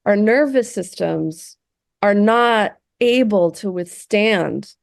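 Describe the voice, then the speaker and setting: A woman's voice: medium pitch, slow, gravelly, dry recording, studio quality. A woman leading a group session, talking casually with many fillers and frequent "right?" tag questions. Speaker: meditation session leader.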